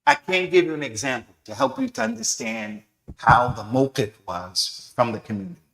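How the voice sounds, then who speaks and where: A man's voice: mid-range voice, lively intonation, normal speed, gravelly, a bit bright. A man teaching a mosque lesson in sermon style, telling a story with animation and acting out the voices of the people in it. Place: mosque prayer hall. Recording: echoey mosque hall.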